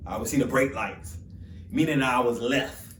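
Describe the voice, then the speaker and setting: A young man from Florida telling a motivational story in an animated, casual, conversational way. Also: medium pitch, normal speed, slight background noise. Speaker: motivational speaker. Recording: roomy sound from a distant mic.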